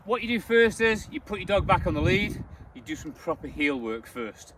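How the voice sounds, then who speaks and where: A man's voice: sits high, very animated, moderate pace. A man working as a dog trainer, giving emphatic, repetitive instructions during an outdoor training demonstration. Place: outdoors, open ground. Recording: distant voice with outdoor noise.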